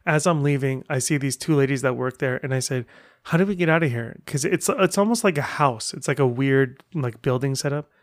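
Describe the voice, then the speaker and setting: A man's voice: medium pitch, fairly quick, no echo, clean studio sound. A middle-aged man hosting a casual solo podcast, telling stories in a chatty way full of rambling asides. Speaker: podcast host.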